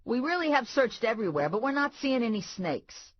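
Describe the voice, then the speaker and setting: A woman voicing a brash, swaggering male police officer who talks loud and teasing in an audiobook. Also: on the high side, big pitch swings, brisk, dry recording, muffled recording, pitched above the performer's own voice.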